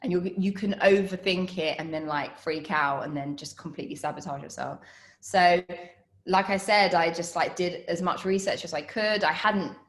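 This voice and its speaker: A woman's voice: fairly low pitch, moderate pace. Chatty woman on a roomy call. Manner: chatty, animated storytelling with laughs and fillers. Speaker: actress answering student questions. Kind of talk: casual Q&A over video call.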